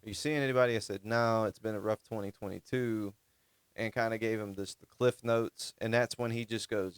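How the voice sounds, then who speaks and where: In casual podcast chat, a male co-host rambles through long stories with frequent restarts. His voice is fairly low, steady and clean in tone, at normal speed, with no room sound.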